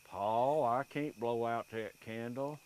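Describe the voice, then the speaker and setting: A man voicing an old country wife who talks out of the side of her crooked mouth in a slow drawl. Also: medium pitch, a little mellow, clear, resonant tone, natural voice. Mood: fussing.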